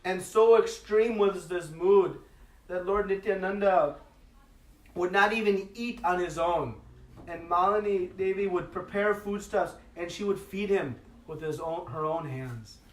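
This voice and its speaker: High-voiced man telling a devotional story. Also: unhurried. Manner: expressive storytelling with frequent "uh" fillers. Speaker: speaker giving a religious class. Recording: echoey hall, mic at a distance.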